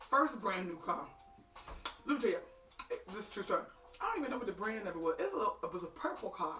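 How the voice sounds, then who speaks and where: Middle-aged woman telling funny stories, folksy, bright voice, echoey room with faint music. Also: medium pitch, recorded from a distance. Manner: animated, folksy, calls listeners honey and child. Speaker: storyteller. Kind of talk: comic storytelling.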